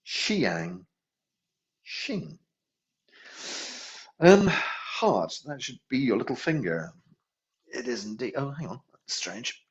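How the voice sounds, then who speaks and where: A man teaching a healing class, musing aloud, correcting himself and chuckling as he goes. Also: mid-range voice. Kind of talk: relaxed spoken class instruction. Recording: dull lo-fi recording.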